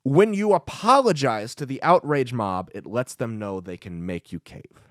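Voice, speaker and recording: A brash man holds forth in an emphatic podcast monologue, laced with crude jokes. His voice sits at a middling pitch and is recorded very dry in a studio, with no room sound. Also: lively intonation, normal speed, dry recording. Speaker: podcast host and comedian.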